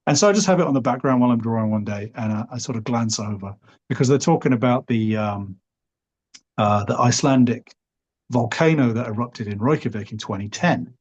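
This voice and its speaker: Husky Liverpool man telling a story. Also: medium pitch, fairly quick, a little mellow. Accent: Liverpool English. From Liverpool, England. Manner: rambling, hedges often with "sort of" and "you know". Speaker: podcast guest. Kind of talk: relaxed storytelling.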